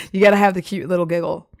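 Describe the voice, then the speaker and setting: A woman's voice: medium pitch, dry recording, clean studio sound. A young woman streaming from home, chatting casually with lots of giggles and filler words. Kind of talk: casual live-stream chat.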